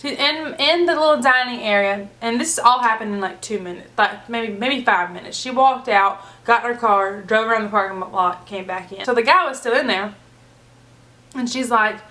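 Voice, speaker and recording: A woman vlogger telling a story in a casual, animated way with relaxed slang. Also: fairly high pitch, normal speed. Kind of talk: storytime vlog.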